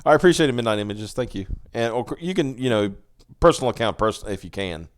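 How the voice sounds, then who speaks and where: A man's voice: mid-range voice, expressive, fast talker. A man hosting a casual live stream, rambling through stories with frequent laughter and restarts. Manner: rambling storyteller, laughs often, restarts sentences. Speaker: podcast host.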